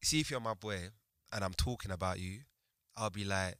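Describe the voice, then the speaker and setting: A man from Uganda with a London accent, a podcast guest chatting casually, telling animated stories with London slang and laughing often. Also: low-pitched, a little fast, clear, resonant tone, no echo, studio quality. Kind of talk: casual chat.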